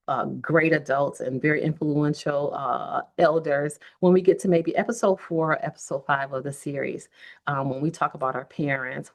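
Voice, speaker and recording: A woman in her fifties hosting a podcast, telling her own story in an earnest, heartfelt way and speaking straight to her listeners. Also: deep voice. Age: 50s. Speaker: podcast host.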